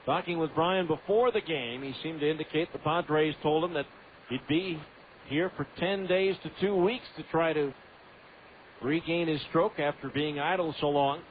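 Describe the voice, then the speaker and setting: A male radio announcer calling baseball in a steady, stat-heavy play-by-play, in a fairly high voice. The broadcast sounds tinny and phone-like, with a faint hiss under it.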